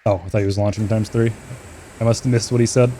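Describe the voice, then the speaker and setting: A man's voice: on the low side, steady tone, fast talker, warm tone, slight background noise. A man streaming a flight simulator, trading loose, profane banter with his chat and making short radio calls to teammates.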